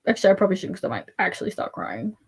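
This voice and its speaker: An Australian woman hosting a casual livestream, soft-spoken and rambling, often dropping to a murmur. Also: mid-range voice, sing-song, racing, breathy edge. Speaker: livestream host.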